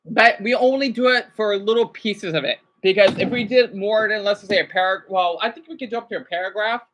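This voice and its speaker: A woman's voice: medium pitch, fairly quick, noisy background. A woman vlogger giving rambling, chatty livestream commentary with frequent restarts and check-ins with the audience.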